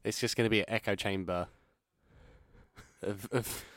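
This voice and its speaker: A man's voice: fairly low pitch, fairly even intonation, normal speed, fairly bright tone, no echo, studio quality. A man co-hosting a podcast in casual chat, teasing and wry with frequent laughter. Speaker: podcast co-host. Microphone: podcast microphone.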